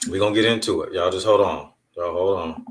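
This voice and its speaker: A podcast host with a low voice talks briskly through a casual monologue, telling stories candidly and emphatically. He sounds distant from the microphone, and there's slight background noise.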